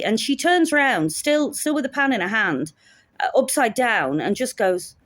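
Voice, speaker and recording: A woman's voice: sits high, sing-song, normal speed, dry recording. A woman telling a story in a casual vlog, wry and sarcastic. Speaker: teacher.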